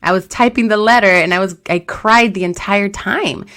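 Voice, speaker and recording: A woman co-hosting a podcast, telling an animated story, acting out quotes and laughing often. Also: mid-range voice, normal speed. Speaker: podcast co-host. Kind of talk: casual chat.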